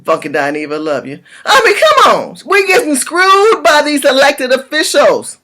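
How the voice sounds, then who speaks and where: Woman vlogger, blunt political rant, lively pitch, cusses freely. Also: normal speed. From California, USA. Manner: impassioned, blunt, swears freely. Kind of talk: direct-to-camera political rant.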